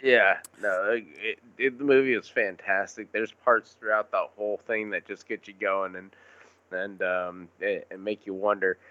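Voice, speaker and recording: A man's voice: on the low side, fairly even intonation, sharp tone, dry recording, highs cut off. A man in a casual podcast chat, cursing freely and restarting sentences. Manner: swears freely, halting with restarts. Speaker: podcast co-host.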